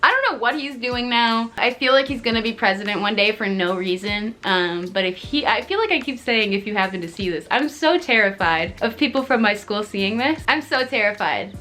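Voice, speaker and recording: A young woman telling a casual storytime vlog, chatty and animated, peppering her talk with "like" and swearing with exaggerated indignation. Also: on the high side, fairly quick, hardly any pauses, faint music behind. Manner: chatty, animated, frequent "like" and laughs. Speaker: streamer and YouTuber.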